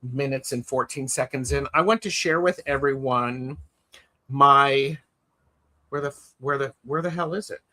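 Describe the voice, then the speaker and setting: A man's voice: mid-range voice, unhurried, sharp tone. A man co-hosting a live tarot stream from home over a video call, chatty and playful, often restarting his sentences. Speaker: co-host of a tarot livestream. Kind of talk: casual live chat.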